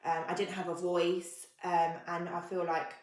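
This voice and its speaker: A woman co-hosting a podcast, speaking candidly and earnestly, her sentences full of hesitant ums. Her voice sits a little lower than most, and the room around her rings with a noticeable echo. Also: completely flat delivery, unhurried, a little mellow. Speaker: podcast co-host. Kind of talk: candid conversational podcast chat.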